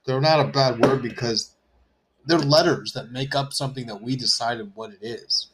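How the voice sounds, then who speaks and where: A man's voice: medium pitch, normal speed, heavy background noise. A man in casual chat, speaking bluntly and ranting with frequent profanity. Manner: blunt, heavy swearing, ranting.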